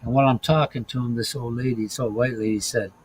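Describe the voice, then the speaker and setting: A man's voice: medium pitch, fairly even intonation, fast talker, a little mellow, breathy edge, rough recording. A man hosting a casual podcast, telling profane, laughing stories about driving a bus, with lots of restarts. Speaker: podcast host, former bus driver. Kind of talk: casual chat, storytelling.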